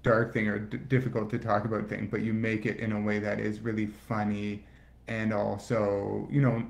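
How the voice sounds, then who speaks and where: A man comedian in casual chat, halting and full of fillers like "like". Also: lowish voice, completely flat delivery, vocal fry. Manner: halting, filler-heavy, lots of "like". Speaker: comedian guest.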